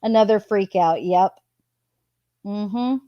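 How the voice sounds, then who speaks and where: Casting: woman, slow, unhurried delivery, chatty and blunt asides while reading messages, close dry mic. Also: mid-range voice, dry recording, dull audio. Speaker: true crime commentator. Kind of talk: casual reading and commentary.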